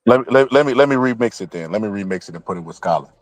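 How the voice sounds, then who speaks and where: Low-voiced joking streaming host, dry sound. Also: male voice, lively intonation, very fast, dry recording. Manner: joking, teasing, storytelling with put-on voices. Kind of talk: casual trash-talk banter.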